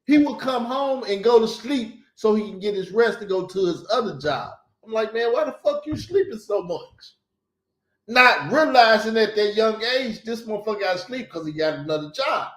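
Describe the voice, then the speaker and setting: A man's voice: sits high, lively intonation, normal speed, few pauses, a bit bright, reverberant. A man, hosting a casual talk and telling stories in a blunt, profane way. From Southern United States. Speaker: host. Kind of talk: casual chat.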